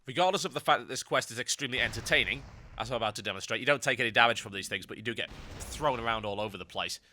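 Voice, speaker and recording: A hoarse man with a cold, slightly nasal, talking through gameplay commentary. His voice is very bright and cutting, and he drifts into sarcastic little rants. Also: medium pitch, rapid-fire, slight background noise. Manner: ranty, sarcastic asides. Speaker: game commentator.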